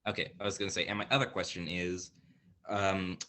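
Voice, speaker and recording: A man's voice: sits low, level tone, fairly quick, sharp tone. A male student asking his instructor questions over a video call, polite and a little hesitant.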